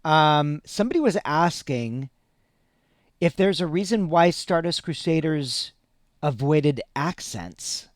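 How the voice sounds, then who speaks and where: A man hosting a casual interview, eager and jokey, quick to jump in and agree. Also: a little high, animated, no room sound, clean studio sound. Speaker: interview host.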